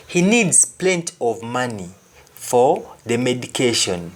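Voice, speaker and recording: A man with a Jamaican accent gives a language lesson. He repeats each phrase deliberately and then translates it. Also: mid-range voice, sing-song. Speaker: language teacher.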